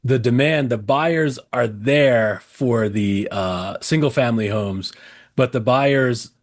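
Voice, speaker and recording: A man's voice: medium pitch, slow. A man hosting an interview show, thinking aloud with restarts and checking in with his guest. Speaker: host. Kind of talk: casual interview chat.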